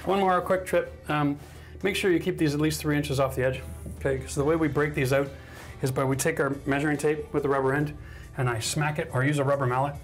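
A man's voice: a little high, steady tone, fairly quick, soft background music. A man with a chatty, self-mocking manner who laughs often, teaching a casual DIY tiling tutorial on a bathroom job site. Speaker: renovation instructor.

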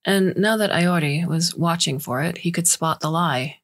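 Husky, lowish woman narrating. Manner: measured storytelling. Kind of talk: scripted narration.

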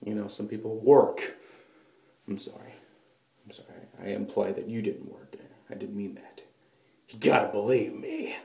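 A man's voice: fairly low pitch, moderate pace, gravelly, long pauses, darkish tone. A man vlogging in a goofy, self-mocking way, recorded in a bathroom. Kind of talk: rambling comic vlog. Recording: echoey bathroom.

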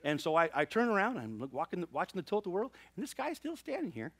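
Animated preacher man, lively high-pitched voice. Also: quick pace. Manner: animated, laughing storyteller turning to earnest preaching. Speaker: pastor. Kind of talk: sermon with humorous personal storytelling.

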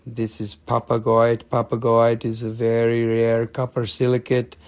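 A haggling gem dealer in broken English, teasing buyers with cheeky price talk, as a man puts him on. The voice has a gravelly, creaky grain at an ordinary middle pitch. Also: completely flat delivery, unhurried, a little mellow, lightly acted. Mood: playful haggling.

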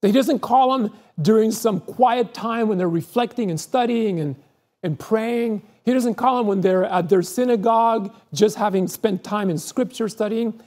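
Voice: mid-range voice, moderate pace, darkish tone. A pastor preaching a sermon and telling a story earnestly, often repeating words as thoughts build.

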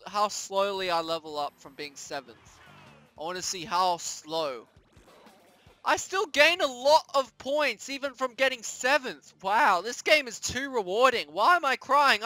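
A man giving let's-play commentary, excitable and yelping, repeating words when he loses. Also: extremely high pitch, unhurried, no echo, soft background music. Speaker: gaming YouTuber.

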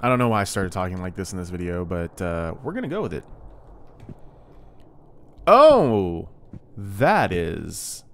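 A man's voice: low-pitched, sing-song, fast talker, hardly any pauses. A man hosting a horror game playthrough with wry, mock-dramatic muttering. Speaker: gaming video host. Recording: clear background noise.

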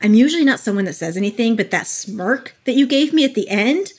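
A woman with a fairly high voice, chatting casually as a podcast co-host. She tells stories animatedly, acting out what people said, and swears freely. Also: expressive, a little fast, darkish tone, breathy edge. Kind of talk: casual chat.

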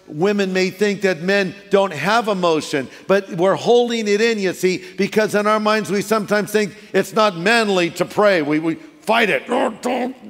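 A middle-aged man preaching a sermon as a pastor, telling lively stories and briefly acting out voices for effect. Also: high-pitched. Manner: animated storytelling, acting out quick voices for effect. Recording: long reverb of a large hall.

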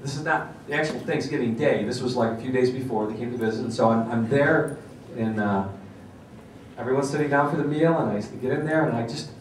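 A middle-aged man giving a seminar talk, telling a story in an animated, self-mocking way. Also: mid-range voice, brisk, slight background noise. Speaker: parenting seminar speaker. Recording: echoey hall from far off.

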